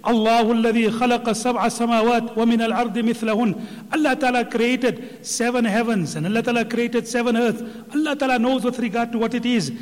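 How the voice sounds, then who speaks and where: A man's voice: very high-pitched, steady tone, a little fast, big-room sound. A man giving earnest religious commentary, reciting Arabic verses with emphasis. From Indian subcontinent. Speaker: religious speaker.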